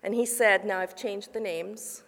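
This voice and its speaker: A woman's voice: medium pitch, unhurried. Woman pastor preaching in an echoing church. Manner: storytelling, shifts between lively asides and hushed narration. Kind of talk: sermon. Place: church sanctuary. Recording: long reverb of a church hall.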